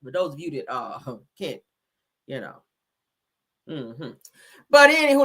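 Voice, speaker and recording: A woman's voice: deep voice, huge pitch swings, measured pace, pauses often, a bit bright, slightly rough. A woman hosting a casual gossip commentary channel, talking in a sassy, profane, teasing way to her viewers.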